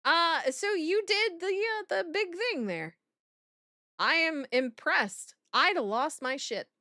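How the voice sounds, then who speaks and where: A woman's voice: high-pitched, animated, a little slow, sharp tone, dry recording, studio quality. A woman streaming live, reacting aloud with lots of exclaiming and swearing and talking to her chat.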